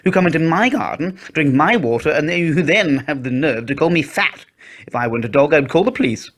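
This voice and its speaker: A man voicing a fat, lazy male pug dog that squeaks and takes offence easily, in a storybook reading. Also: lively intonation, fairly quick, a bit bright. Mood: indignant.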